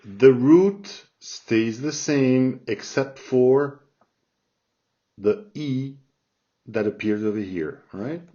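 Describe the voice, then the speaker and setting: Slow man teaching grammar, lo-fi sound. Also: medium pitch, dark tone. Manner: slow, repeats forms, checks in with "all right?". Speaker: Spanish teacher. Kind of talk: explaining grammar from a chart. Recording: dull lo-fi sound.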